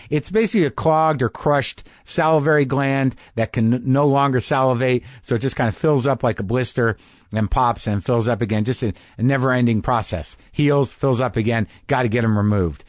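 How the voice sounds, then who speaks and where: A man's voice: medium pitch, no echo. A man hosting a podcast, telling a rambling, self-deprecating story in a casual comedic monologue. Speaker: podcast host.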